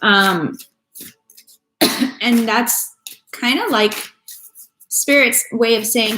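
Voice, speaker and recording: Her voice sits on the high side with a sharp tone, and she draws out her words between long pauses. She's doing a relaxed, talkative tarot reading on a live stream, cursing offhandedly and calling out viewers by name, in an echoey room with faint noise.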